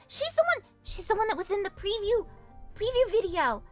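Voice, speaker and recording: A woman streaming a visual novel, reading it aloud and reacting with animated, theatrical comments. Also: very high-pitched, fairly quick, soft background music.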